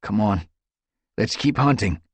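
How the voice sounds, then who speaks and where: Man playing a brave young tomcat, firm, level, husky low voice, dry. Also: animated, a little slow, dry recording. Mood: encouraging. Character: steady young male warrior cat, brave leader.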